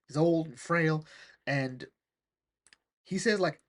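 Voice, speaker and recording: A man excitedly retelling a comic story in a rambling, animated way, often saying "like" and "all right?". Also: high-pitched, normal speed, long pauses. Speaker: comics reviewer.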